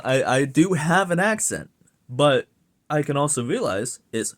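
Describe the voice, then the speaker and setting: A man with a Southern accent rants in a loose, meandering way, swearing freely and chuckling as he goes. His voice sits at an ordinary middle pitch, and he talks straight to his audience in a casual video. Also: animated, unhurried. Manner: rambling, profane, laughs often. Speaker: YouTube commentator. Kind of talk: casual rant to camera.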